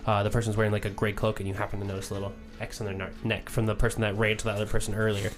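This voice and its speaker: A man narrating as game master, relaxed and loose with lots of fillers. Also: fairly low pitch, rapid-fire. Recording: faint background music.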